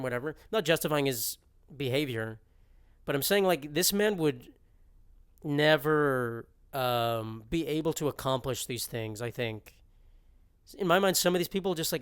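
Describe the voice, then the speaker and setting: Young male podcast host, smooth clear voice, rambling jokey solo monologue. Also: medium pitch. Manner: rambling, jokey, exaggerated rants.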